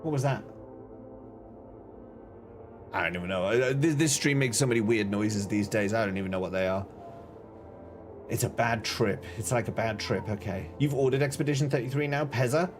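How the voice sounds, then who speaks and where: A man's voice: lowish voice, normal speed, pauses often, over music. Chatty, jokey male game streamer. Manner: chatty, jokey, greets viewers and reacts to chat. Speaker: gaming streamer. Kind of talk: casual live-stream chat.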